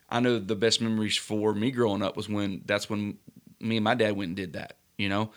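A man co-hosting a casual podcast, speaking in a relaxed, agreeable way with lots of short affirmations. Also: fairly low pitch. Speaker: podcast co-host.

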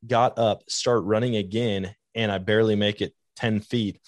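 A man with a low voice hosts a podcast, telling his stories in a casual, meandering way. He leans on "like" as a filler. The sound is dry and close. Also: fairly even intonation, normal speed, no room sound. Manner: rambling anecdotes with many "like" fillers. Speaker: podcast host. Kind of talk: casual storytelling chat.

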